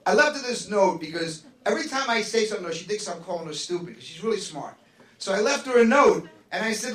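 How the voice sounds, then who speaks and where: A man doing a stand-up comedy set on a club stage, animated and acting out other people's voices. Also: sits high, fast. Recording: echoey club recorded from a distance. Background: audience laughing.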